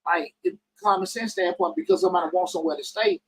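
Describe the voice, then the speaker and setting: A man hosting a casual call-in podcast conversation. His voice sits fairly high and swings widely, leaping up on emphasis. The tone is husky and gravelly, and he often restarts his sentences mid-thought. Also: sing-song, fast talker, no echo, poor audio. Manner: talks in bursts with many restarts, pitch jumping up emphatically. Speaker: podcast host.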